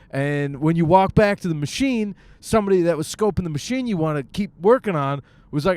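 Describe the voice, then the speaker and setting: A man's voice: a little high, a little fast, a little mellow, clear, resonant tone, no echo. A young man from Michigan, a stand-up comic hosting a casual podcast, rambling and joking alone on his way to the gym. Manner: jokey, riffing, acts out bits. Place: car on the way to the gym.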